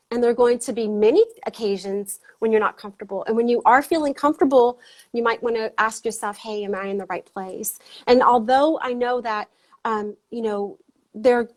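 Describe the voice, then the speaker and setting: A woman hosting a casual motivational livestream on a video call, out of breath, excited and rambling with many fillers. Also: on the high side. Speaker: host.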